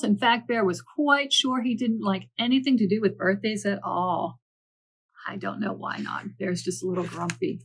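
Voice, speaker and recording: A woman librarian reading picture books aloud to children, gentle and animated, with chatty asides to the listener. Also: medium pitch, husky. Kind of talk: picture-book read-aloud.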